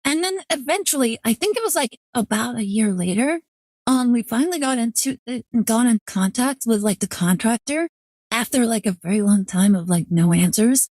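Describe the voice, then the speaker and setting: A woman streamer telling a long story in casual chat, her voice sitting a touch high. She rambles and leans on "like" constantly, sinking lower whenever she imitates someone. The sound is dry and close, with no room around it. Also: lively intonation, darkish tone, dry recording. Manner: rambling, fills every pause with "like"; acts out quoted people in a lower voice. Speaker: VTuber streamer.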